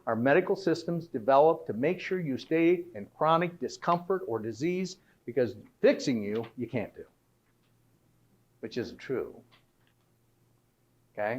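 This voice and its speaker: A middle-aged man giving a conversational health talk to an audience, often tossing out rhetorical questions. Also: medium pitch. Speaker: health speaker.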